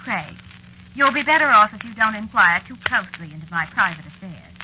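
An actress playing a jealous, sly witch wife in a 1940s radio drama, teasing and quietly menacing, on a dull lo-fi old radio recording. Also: medium pitch, lively intonation, a little fast, noisy background, lightly acted. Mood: sly menace. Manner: purring, sly, mocking.

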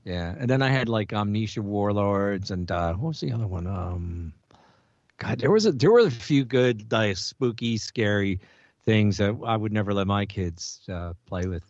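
A man's voice: fairly low pitch, no echo. A middle-aged man, a voice actor, chatting casually and animatedly in an interview. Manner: animated, chatty, quick to laugh. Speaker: voice actor guest. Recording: dull, muffled audio.

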